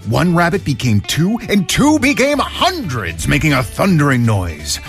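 A man narrating a children's story in an animated storytelling manner. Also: on the high side, a little slow, vocal fry, soft background music.

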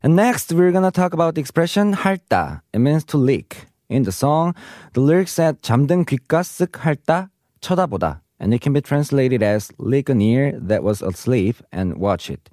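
A man teaching a scripted vocabulary lesson. He explains each term, reads the Korean example sentences briskly, then gives the English translations slowly. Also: medium pitch, big pitch swings, dark tone, no echo, studio quality.

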